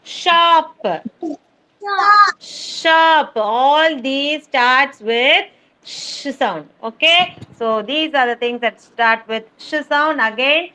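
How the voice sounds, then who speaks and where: A woman teaching phonics to small children over a video call, sounding out letters slowly and patiently repeating words. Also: high-pitched, sharp tone, smooth. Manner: slow, drawn-out sounding of letters, patient repetition. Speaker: kindergarten teacher. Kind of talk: online phonics lesson for young children.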